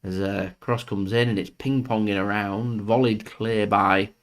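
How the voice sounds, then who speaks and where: A man's voice: on the low side, fairly even intonation, measured pace, smooth. A young man hosting a live football watchalong, chatting casually and joking as he follows the match. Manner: chatty, jokey, laughs often, swears. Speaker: fan channel host doing live match commentary.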